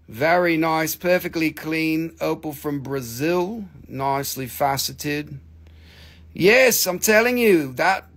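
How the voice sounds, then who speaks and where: Gravelly, profane man hawking stones. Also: on the high side, fairly bright tone. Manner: joking and profane, with loose broken grammar. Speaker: host selling crystals on a live stream. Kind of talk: casual live-stream sales pitch. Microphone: phone.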